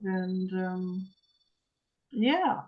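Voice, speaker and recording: A woman on a video call, chatting casually and telling animated stories, acting out what people said. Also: on the low side, extremely slow, crowd noise. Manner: chatty, animated storytelling, acts out quotes. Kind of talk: casual chat. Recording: muffled video-call audio.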